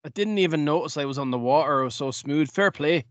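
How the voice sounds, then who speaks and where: A man playing a dwarf in a tabletop role-playing game, talking in an excitable, stammering way and laughing often. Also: fairly high pitch, fast talker, no room sound, highs cut off. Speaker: player. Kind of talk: tabletop role-play chat.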